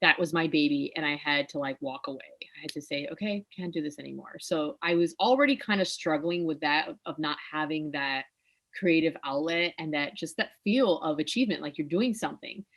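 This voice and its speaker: A woman guest on a podcast, casually telling her story with animated, emotional delivery. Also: sits low, fairly quick.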